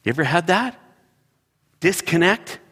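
Man, middle-aged, pastor, sermon storytelling, animated quotes, slightly husky, echoing church hall. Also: on the high side, unhurried.

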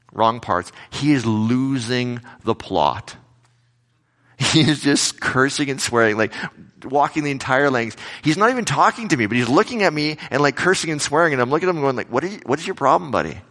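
A male pastor giving a casual, conversational sermon, telling everyday anecdotes with animated retellings. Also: on the low side.

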